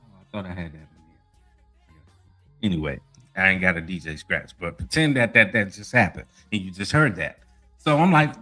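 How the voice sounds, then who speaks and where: A man's voice: on the low side, expressive, normal speed, a bit bright. A man hosting a casual podcast, talking animatedly and with plenty of profanity, often saying "you know what I mean.". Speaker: podcast host. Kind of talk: casual sports podcast talk and rant. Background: faint music.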